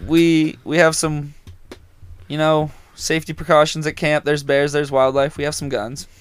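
A man's voice: fairly high pitch, completely flat delivery, moderate pace, clean tone, dry recording. A young man co-hosting a casual podcast chat at a campsite, laid-back and swearing casually. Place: camper van at a campsite.

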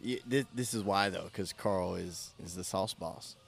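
A man's voice: deep voice, measured pace, vocal fry. A man in his thirties with a Southern Gulf Coast accent, teasing and laughing easily in casual podcast chat. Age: 30s.

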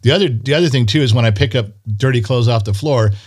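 A man talks through his week in loose, grumbling chat, swearing as he goes. His voice sits in a mid range and his stories run animated. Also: mid-range voice, quick pace, husky. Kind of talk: casual chat.

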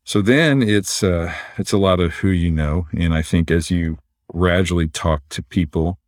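A man, a physician and entrepreneur, explaining things in a relaxed conversational way and often tagging his points with "right?". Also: sits low, measured pace, dry recording, studio quality. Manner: relaxed, explanatory, frequent "right?" tag questions.

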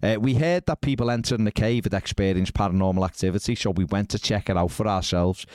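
A man's voice: fairly low pitch, fast, darkish tone, no room sound, studio quality. A man hosting a podcast, reading out news stories with wry, disbelieving asides. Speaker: podcast host.

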